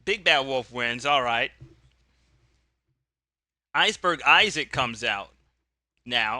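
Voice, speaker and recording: Slow-talking man narrating a wrestling game. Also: mid-range voice, bright, forceful tone, dry recording. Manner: rambling, self-correcting, cheerful. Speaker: game host narrating a solo wrestling tabletop game.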